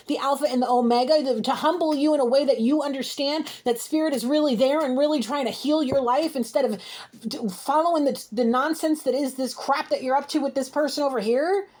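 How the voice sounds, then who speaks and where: A woman gives an emotional tarot reading at home, scolding and exasperated as she talks straight to her listener. Her voice sits a little high, and she pushes each point with heated urgency. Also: brisk, a little mellow. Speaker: intuitive reader. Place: home, alone with pets.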